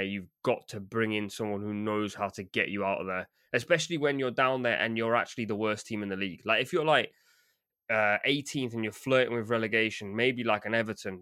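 Brief: male podcast host, lowish voice, dry close sound, easy chatty delivery. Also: sharp tone, dry recording. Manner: laughs often, leads the running order. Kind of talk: casual football chat.

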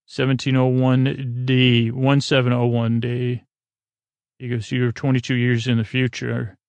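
A man hosting a podcast, retelling a TV episode as a rambling bedtime story, halting with restarts and dry jokes. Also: medium pitch, vocal fry, darkish tone, dry recording. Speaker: podcast host.

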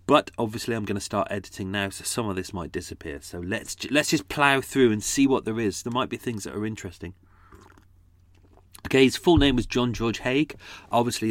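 Rambling man, low dry voice. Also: fairly bright tone, no room sound. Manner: rambling, self-correcting, chatty. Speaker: podcast creator. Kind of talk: casual behind-the-scenes commentary.

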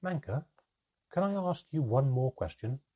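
A man's voice: mid-range voice, expressive, a little slow, dark tone, lo-fi sound, pitched above the performer's own voice. A man voicing a timid, curious young goblin child who asks nervous, breathless questions.

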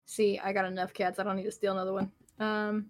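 A woman's voice: medium pitch, level tone, fast talker. A woman chatting casually on a livestream podcast, playful and giggly, often stumbling into restarts. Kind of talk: casual chat.

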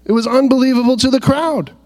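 Male preacher, high-pitched, animated sermon delivery with rhetorical questions. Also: fast, soft background music. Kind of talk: sermon with scripture reading.

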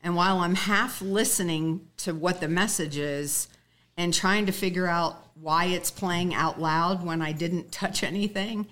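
A woman's voice: lowish voice, steady tone, a little slow, fairly bright tone. A woman guest telling a personal story in earnest, acting out the dialogue she quotes.

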